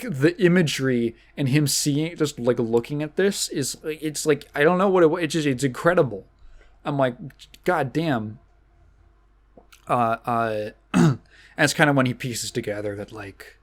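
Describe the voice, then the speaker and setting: A man hosting a casual solo podcast, rambling along with many fillers and restarts. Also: medium pitch. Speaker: podcast host.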